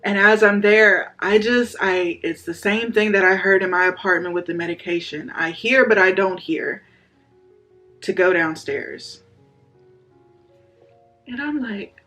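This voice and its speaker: A man's voice: sits high, measured pace, faint music behind. A man telling his personal faith story in a candid, casual way, his voice rising sharply when he acts out his own pleading. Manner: candid, animated, voice rises sharply when reenacting pleas. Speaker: vlogger sharing a faith testimony.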